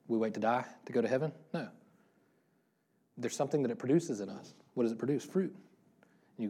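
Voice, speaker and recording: A man's voice: medium pitch, warm tone. A man pastor giving a casual, interactive sermon, asking the congregation questions and laughing often. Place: church room before a congregation.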